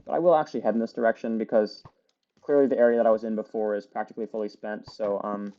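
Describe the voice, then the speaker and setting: A gaming video creator gives casual, chatty play-by-play while playing a video game, rambling with plenty of fillers. He has a fairly low, steady voice and talks quickly. The recording is muffled.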